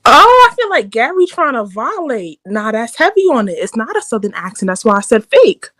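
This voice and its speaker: New York woman guest, lively pitch, dry close mic, swears freely. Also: moderate pace, no room sound, rough recording. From New York City. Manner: blunt, profane, emphatic. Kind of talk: casual livestream chat.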